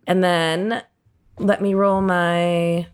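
A woman's voice: on the low side, flat delivery, very slow, clean tone. A woman playing a tabletop game, hesitantly talking through her rolls. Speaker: player. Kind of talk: casual play at the table.

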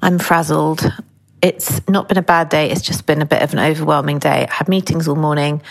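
Middle-aged woman, podcast co-host: candid, animated storytelling, swears freely, lowish voice. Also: fairly quick, gravelly. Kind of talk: casual chat.

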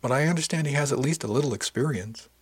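A man's voice: medium pitch, fast, husky, pitched above the performer's own voice, close to an everyday voice. A man voicing a wry, easygoing woman who leads a ship's section, speaking with dry humor.

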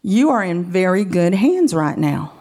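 A woman quoting a calm, reassuring man who whispers quick, insistent words in the dark. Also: fairly low pitch.

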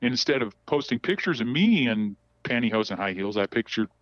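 A man giving a candid, halting account of personal events as a podcast guest, often repeating words as he goes. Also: mid-range voice, lively intonation, no echo, dull audio. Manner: halting, repeats words while telling a story.

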